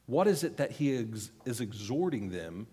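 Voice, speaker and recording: A man's voice: mid-range voice, sing-song, normal speed, warm tone, breathy edge. A man in his thirties preaching a sermon to a congregation, teaching earnestly, pleading for emphasis and putting questions to the room. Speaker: pastor.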